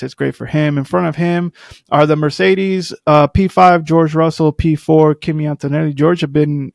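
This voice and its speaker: A man hosts a solo podcast in a loose, rambling way, full of fillers and side remarks. His voice sits a bit high with a gravelly edge. The sound is dry and close, with no room around it. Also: darkish tone, no echo. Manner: chatty, rambling, lots of fillers and asides. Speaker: podcast host. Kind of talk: casual solo commentary.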